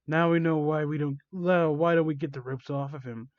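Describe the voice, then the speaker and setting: A man's voice: fairly high pitch, steady tone, moderate pace, dry recording, lo-fi sound, close to an everyday voice. A man doing a smirking hedgehog villain. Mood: taunting.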